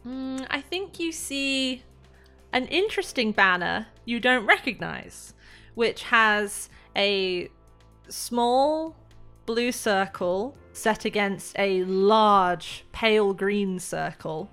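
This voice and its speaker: A woman running a tabletop role-playing game as game master, describing each scene slowly and carefully with frequent pauses. Her voice sits at an ordinary middle pitch. Soft music plays faintly behind her. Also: lively intonation, clean tone. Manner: descriptive, measured narration with pauses.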